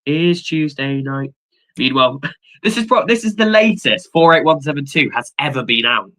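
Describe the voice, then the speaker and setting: Young male streamer, excitable rambler, sharp bright tone. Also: a little high, a little fast, poor audio. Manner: rambling, excitable, swears casually. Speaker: livestream host. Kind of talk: casual watchalong chat.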